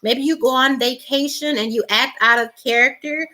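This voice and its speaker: A woman's voice: sits high, steady tone, moderate pace, pushed and bright. A woman doing a casual tarot reading, rambling with many fillers and restarts, blunt and teasing. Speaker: tarot reader.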